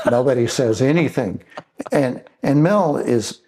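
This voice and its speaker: An older man, a screenwriter and director, telling long animated anecdotes in an interview and acting out the voices of the people he quotes. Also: medium pitch, normal speed. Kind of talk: storytelling interview.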